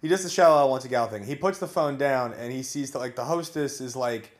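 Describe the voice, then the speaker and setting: A man co-hosting a podcast in person, casually recapping a movie and acting out the characters in quick voices. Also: medium pitch. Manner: animated, acts out characters in quick put-on voices. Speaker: podcast co-host. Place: in person, indoors.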